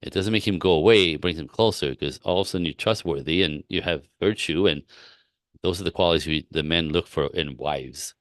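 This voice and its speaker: Deep-voiced blunt man giving relationship advice. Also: brisk, no room sound, studio quality. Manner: blunt, emphatic, repeats himself; acts out both sides of dialogue. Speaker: relationship coach. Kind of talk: live-stream advice talk.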